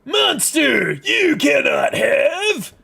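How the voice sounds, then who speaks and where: A domineering, lecherous rich husband with a gravelly, raspy bark that leaps wildly in pitch. He talks slowly, every word dragged out, with a bright, strained edge to the shouting. It is a showy wrestler-style growl. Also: sing-song, heavily acted. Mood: furious. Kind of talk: comic voice acting while reading a webcomic live.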